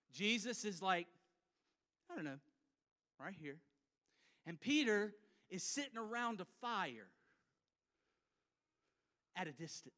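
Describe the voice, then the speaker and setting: Preacher, male: high, bright voice; acts out the scene, loud to hushed; reverberant church sanctuary. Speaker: pastor. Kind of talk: sermon. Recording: church hall with long reverb.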